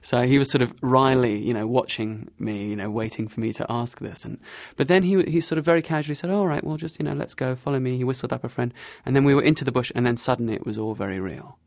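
A middle-aged man with a gravelly, creaky edge speaks in a dry, close studio sound. He tells his story in a vivid, anecdotal way, restarting phrases and laughing softly now and then. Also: mid-range voice, fast, hardly any pauses, no room sound. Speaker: interview guest, travel writer. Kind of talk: storytelling interview answers.

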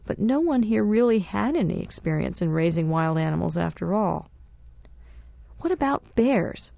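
A woman narrating a travel memoir as an audiobook, in a measured, unhurried reading. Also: lowish voice, vocal fry, mellow, no echo.

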